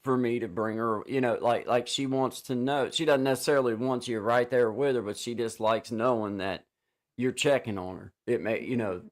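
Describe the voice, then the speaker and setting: A man hosting a casual livestream chat over a video call, rambling with many restarts and fillers and giving warm shout-outs to viewers. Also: medium pitch, normal speed. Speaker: livestream host.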